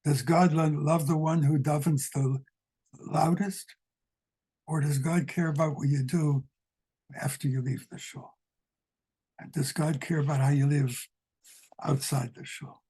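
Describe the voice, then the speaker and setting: An older man, a guest rabbi, teaching a psalm over a video call, asking rhetorical questions in an unhurried way. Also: fairly high pitch, fairly even intonation, dark tone, breathy edge, low-quality recording. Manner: asks many rhetorical questions, unhurried with pauses. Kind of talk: slow, questioning lesson on a psalm.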